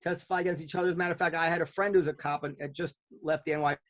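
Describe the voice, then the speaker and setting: A man's voice: fairly high pitch, steady tone, rapid-fire. A man hosting a casual panel talk, rambling with many fillers and restarts. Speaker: podcast host.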